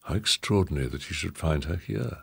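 A man reading a novel aloud as narrator, measured and grave. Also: extremely low pitch, expressive, gravelly, husky. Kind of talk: audiobook reading.

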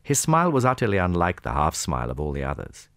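A man's voice: sits low, huge pitch swings, quick pace, a bit bright, no room sound, studio quality. A man narrating a classic novel who voices each character in turn. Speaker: audiobook narrator.

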